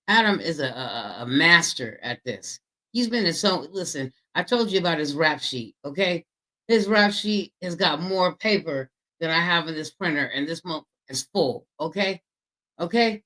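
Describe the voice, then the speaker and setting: Chatty male true crime commentator, bright voice. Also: a little high, normal speed, low-quality recording. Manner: animated, chatty, talks to viewers directly. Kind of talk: casual commentary over a played interview.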